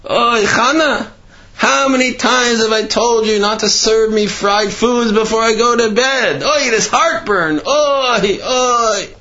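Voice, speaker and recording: A man's voice: extremely high pitch, slow, sharp tone, muffled recording, pitched above the performer's own voice, exaggerated voice. A man voicing a groaning, complaining middle-aged householder with heartburn. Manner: moaning, complaining.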